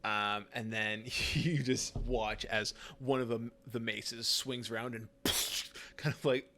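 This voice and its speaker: A man's voice: on the low side, steady tone, slow pace, bright, forceful tone. A man narrating as game master of a tabletop game, rambling with fillers and laughs.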